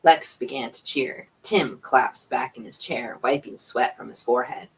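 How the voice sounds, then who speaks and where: A woman reading a novel aloud at an unhurried pace, lifting her voice for the characters. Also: rumbling low, gravelly, slightly rough, poor audio. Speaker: audiobook reader.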